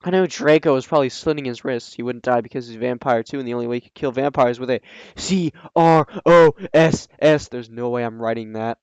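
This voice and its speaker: A man reading a story aloud and breaking in with sarcastic, scoffing asides, often pausing with ums. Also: medium pitch, clear, resonant tone, dry recording, muffled recording. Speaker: reader and commentator. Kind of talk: reading a fan story aloud with mocking commentary.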